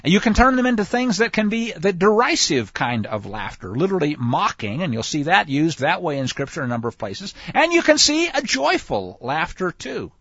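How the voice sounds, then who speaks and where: A man talks through Scripture in a folksy, conversational way and often turns aside to his listeners. His voice sits high and swings widely in pitch, with a bright edge. The recording is dry and somewhat dull and lo-fi. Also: sing-song, brisk, hardly any pauses, dry recording. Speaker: Bible teacher. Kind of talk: conversational Bible teaching.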